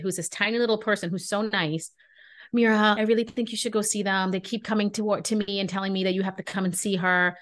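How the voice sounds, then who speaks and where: A woman co-hosting a podcast, telling a story in casual chat and acting out the dialogue with indignation. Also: mid-range voice. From Brooklyn. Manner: animated, indignant, acts out dialogue. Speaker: podcast co-host.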